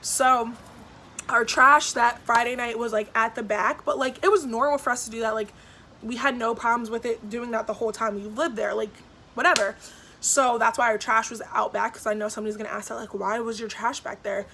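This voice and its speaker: A young woman in her twenties vlogging a storytime, retelling events in a lively way with lots of "like" and acted-out quotes. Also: a little high, a little fast, a little hiss or hum. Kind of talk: storytime vlog.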